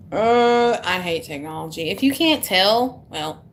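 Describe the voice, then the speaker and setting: A woman's voice: medium pitch, expressive, slow pace, hardly any pauses, slight background noise. A woman, chatting casually to viewers on a live stream as a tarot reader, talking to herself and joking about her own struggles with technology. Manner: chatty, self-deprecating, talks to herself while fixing tech.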